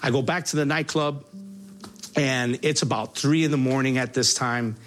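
A man giving a spoken personal testimony, halting and earnest, with many restarts and fillers. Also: mid-range voice, steady tone, fairly bright tone, faint music behind. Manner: voice rises sharply when reliving angry moments.

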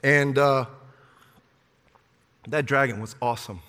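A man's voice: mid-range voice, steady tone, slow, pushed and bright, smooth. An older man, a pastor, preaching a fervent sermon after an opening prayer, repeating words and calling on the congregation to answer. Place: church sanctuary. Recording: long reverb of a hall.

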